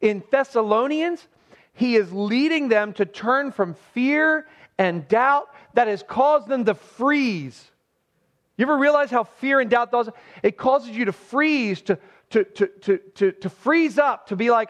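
A man's voice: very high voice, expressive, unhurried, fairly bright tone. A man preaching an expository sermon as pastor. He speaks emphatically and poses rhetorical questions to his listeners. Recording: dull lo-fi recording.

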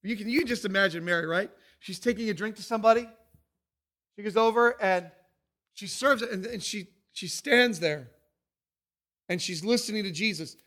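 A man preaching a sermon, emphatic and animated, stacking up repeated phrases as he tells the story. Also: high-pitched, moderate pace. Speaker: pastor.

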